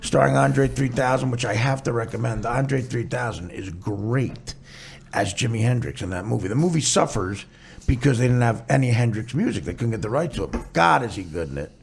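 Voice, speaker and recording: A man's voice: medium pitch, expressive, a little fast, gravelly, faint music behind. A man hosting a casual talk show, brash and teasing, with profane asides. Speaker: host. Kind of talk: casual chat.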